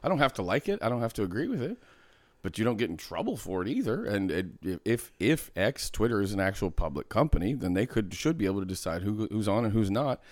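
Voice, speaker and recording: A man co-hosting a podcast in casual chat, blunt and profane, thinking out loud as he talks. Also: fairly low pitch, sing-song, fast talker, no room sound, studio quality. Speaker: podcast co-host.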